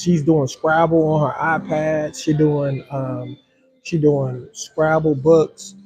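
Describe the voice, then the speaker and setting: A man with chats loosely on a livestream, calling his viewers y'all. His voice sits a little high but sounds mellow and warm. He rambles in an easy, relaxed way. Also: low-quality recording. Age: adult with a hundred-year-old grandmother. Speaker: live-stream host. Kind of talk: casual livestream chat.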